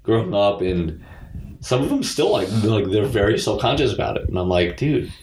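A man in his late twenties with a low voice speaks bluntly as an interview guest, swearing freely and leaning on "like" as he talks. A faint hiss of noise sits under the recording. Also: lively intonation, moderate pace, darkish tone. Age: late 20s. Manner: candid, swearing, lots of "like". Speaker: guest, CrossFit coach. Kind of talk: casual interview.

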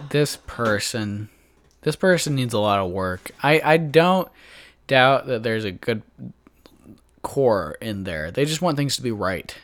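A man's voice: mid-range voice, lively intonation, unhurried, fairly bright tone, dry recording. A man co-hosting a comedy podcast, reacting with exasperated, sardonic comments. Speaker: podcast co-host. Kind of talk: casual comic banter.

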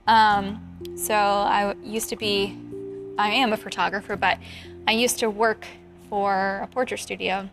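A woman in her late twenties, a photographer, chatting casually in an animated, heated way and laughing often. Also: mid-range voice, normal speed, over music. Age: 20s. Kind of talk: casual chat.

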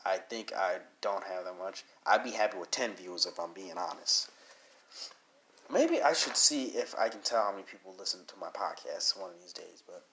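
A man's voice: fairly low pitch, very animated, moderate pace, gravelly, sharp tone, a little hiss or hum. A man hosting his own podcast while sick with a cold, talking casually in a rambling, earnest and encouraging way with many fillers. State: sick with a cold, needs to blow his nose. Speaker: podcast host. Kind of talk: casual solo podcast talk.

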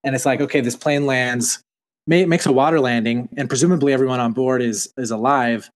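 A man's voice: mid-range voice, fairly even intonation, brisk. Rambling man from Utah recapping a show. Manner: rambling, fillers and restarts. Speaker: podcast co-host. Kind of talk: casual TV recap chat.

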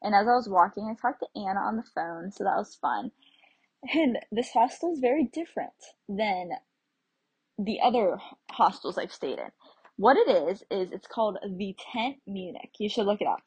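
Young woman, travel vlogger, husky voice, chatty storytelling, laughs often, mid pitch. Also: darkish tone, poor audio. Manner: chatty, laughs often while telling stories. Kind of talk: casual chat.

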